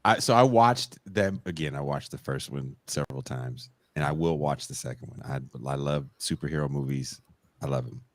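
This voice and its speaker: Deep-voiced laid-back male podcast host. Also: moderate pace, no room sound. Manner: laid-back, laughs often, profane. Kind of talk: casual podcast chat.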